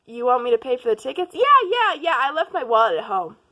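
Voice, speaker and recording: A woman's voice: on the high side, quick pace. A young woman vlogger telling a casual storytime, acting out quotes and laughing as she goes. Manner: animated, laughing, acts out quotes.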